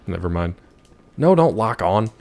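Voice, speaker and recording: A hoarse man chatting casually and joking with viewers while he plays a video game. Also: lowish voice, big pitch swings, measured pace, a little mellow. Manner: joking, rambling, chats with viewers. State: hoarse from yelling. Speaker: gaming streamer. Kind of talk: casual gameplay commentary.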